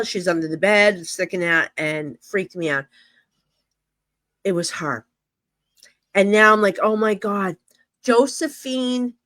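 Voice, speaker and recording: Her voice sits in the mid range with a slightly bright quality, and there's no room sound. This middle-aged psychic medium from New Jersey rambles through stories in a relaxed interview, sprinkling in plenty of "you know."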